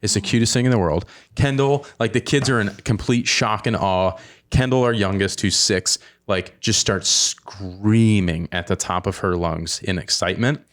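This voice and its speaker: A man in his thirties with a very low voice hosts a podcast in casual conversation. He rambles from thought to thought with eager, animated energy, speaking into a podcast microphone. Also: moderate pace, few pauses. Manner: excitable, rambling, animated storytelling. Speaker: podcast host. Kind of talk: casual chat.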